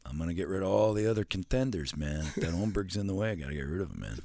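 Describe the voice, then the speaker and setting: A man's voice: low-pitched, lively intonation, racing, dark tone, no echo. A man putting on the voice of a gushing middle-aged football coach, drawling and ending every phrase with "man".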